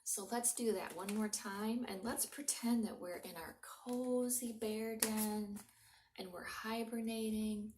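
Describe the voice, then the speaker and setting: A woman leads small children through slow breathing exercises, soft and encouraging, now and then dropping to a whisper. She speaks slowly and calmly. She is heard from a little way off in a roomy, echoing room. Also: mid-range voice, background noise. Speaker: children's librarian leading a mindfulness story time. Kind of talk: gentle guided breathing lesson for young children. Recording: roomy home recording from a distance.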